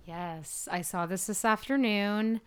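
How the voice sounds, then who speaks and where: A woman on a casual film review panel, chatty and quick to laugh. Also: mid-range voice, clean tone.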